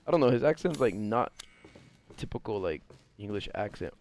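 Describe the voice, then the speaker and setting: A man's voice: lowish voice, lively intonation, moderate pace, a little mellow, no echo. A young man giving casual let's-play commentary as a gaming streamer, joking, swearing and chatting with his viewers.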